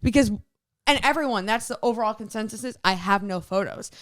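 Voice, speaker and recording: Chatty woman storyteller, smooth clear voice. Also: medium pitch, fairly quick. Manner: animated, filler-heavy retelling with lots of "like". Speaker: podcast co-host. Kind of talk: casual storytelling chat.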